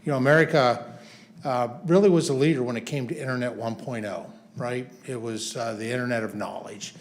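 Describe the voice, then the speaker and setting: Halting man at a press podium. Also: mid-range voice. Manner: halting, many fillers and restarts. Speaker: congressman. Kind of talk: press conference statement. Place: press conference room.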